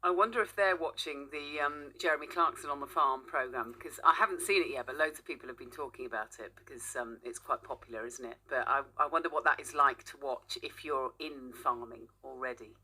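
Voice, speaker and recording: A woman's voice: a bass voice, brisk, hardly any pauses, bright, forceful tone, breathy edge. A woman presenting a casual morning radio show, chatty and teasing, laughing often.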